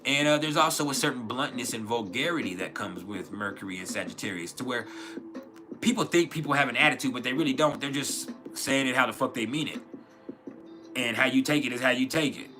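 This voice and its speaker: A man's voice: mid-range voice, lively intonation, fairly quick, music in the background. A man hosting an astrology livestream in a loose, rambling, profane way, full of fillers and restarts. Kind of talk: casual livestream chat.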